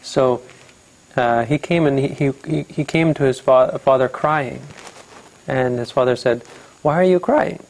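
Male Buddhist teacher, gravelly voice, halting and self-correcting, storytelling talk. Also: medium pitch, steady tone, low-quality recording.

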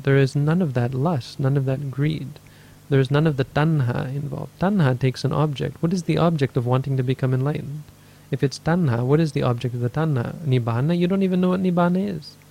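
Gravelly, mellow-voiced man teaching meditation. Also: mid-range voice, a little fast. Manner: thoughtful, self-correcting, acts out inner voices. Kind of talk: dharma talk answering questions.

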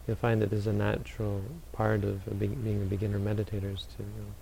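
A man who is a Buddhist meditation teacher, answering audience questions in a calm, unhurried, gently advising way. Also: on the low side, gravelly, slight background noise, low-quality recording.

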